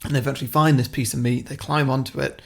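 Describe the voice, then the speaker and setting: A man co-hosting a podcast, casually pitching a silly plot in a long, rambling way and chuckling at his own ideas. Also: steady tone, fast talker, gravelly. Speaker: podcast co-host.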